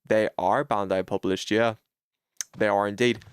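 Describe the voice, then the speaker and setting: A British man livestreams a game and talks it through in loose, chatty commentary. His voice sits on the lower side, and he swears freely. He breaks into sudden excited outbursts. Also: a little slow, clean tone, no echo, studio quality. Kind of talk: casual gameplay livestream commentary.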